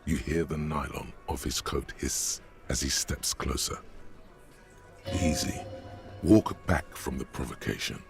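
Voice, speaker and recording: An actor voicing a game's calm, commanding inner narrator in scripted narration, played from the game audio. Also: male voice, very deep voice, measured pace, over music. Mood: steady.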